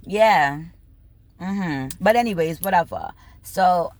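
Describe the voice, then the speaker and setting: A woman telling a story in a casual rant, animated and bubbly, swearing freely and acting out both sides of conversations, laughing now and then. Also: medium pitch, a little slow, vocal fry. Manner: bubbly, laughs between lines. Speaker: vlogger.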